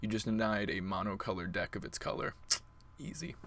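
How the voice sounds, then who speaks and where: This streamer has a fairly low, fairly bright voice and speaks fast in a steady tone while commentating the card game he's playing. He keeps things playful, chatting with his opponent and his audience alike.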